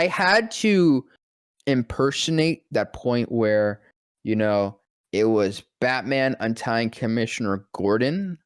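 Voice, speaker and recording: A man's voice: on the low side, smooth, no room sound, studio quality. A young man, a voice actor, telling a story in casual chat, rambling, swearing freely and laughing often. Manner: rambling, profane, quick to laugh. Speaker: podcast guest, voice actor.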